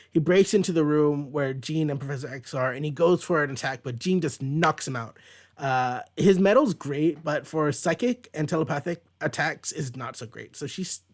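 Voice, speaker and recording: A man hosting a casual page-by-page comic book recap, rambling with fillers and restarts. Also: fairly high pitch. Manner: rambling, lots of likes and restarts. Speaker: comic book reviewer host.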